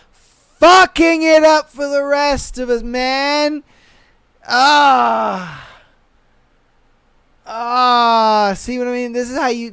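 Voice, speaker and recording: A man's voice: sits high, clean tone, no room sound. A young man hosting a podcast, ranting in casual, profane, exasperated reaction commentary. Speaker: podcast host.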